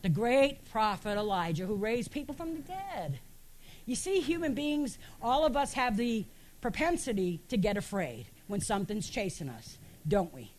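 Woman pastor, high voice, emphatic sermon delivery with rhetorical questions, speaking in a church. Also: very animated, normal speed, darkish tone, a little hiss or hum.

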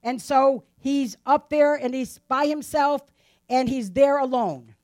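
High-voiced woman preaching conversationally. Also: takes it slowly, a little mellow. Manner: asks the listeners rhetorical questions, tags lines with "right?". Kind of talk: conversational Bible teaching.

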